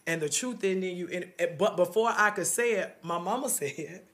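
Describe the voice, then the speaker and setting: A middle-aged woman talks in a relaxed, faith-filled chat with friends. She tells her story earnestly, trailing off and starting again as she goes. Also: on the low side, moderate pace. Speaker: podcast co-host. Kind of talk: casual faith-based conversation.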